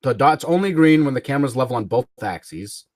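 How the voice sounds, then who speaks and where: Combative man ranting on a livestream, very animated. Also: mid-range voice, a little fast, dry recording. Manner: combative and mocking, swearing, chuckling between jabs. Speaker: livestream host.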